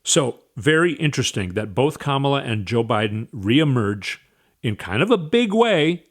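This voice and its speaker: A man's voice: mid-range voice, big pitch swings, moderate pace. A man hosting a casual political commentary monologue, rambling and firing off rhetorical questions. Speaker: host.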